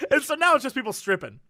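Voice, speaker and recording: A man's voice: very high voice, no echo, studio quality. A man co-hosting a podcast, telling stories in casual chat with frequent laughter. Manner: animated storytelling, laughs often. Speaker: podcast co-host.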